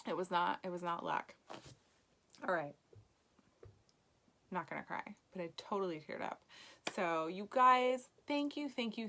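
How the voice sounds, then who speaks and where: A woman's voice: lowish voice, a bit bright. A woman leading a direct-sales team, giving a chatty motivational live video talk with lots of ums. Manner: encouraging, chatty, frequent ums.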